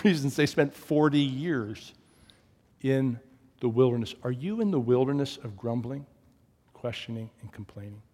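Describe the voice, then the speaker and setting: A man preaching a sermon as pastor, telling stories and swinging from loud emphasis to hushed, low tones. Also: long reverb tail.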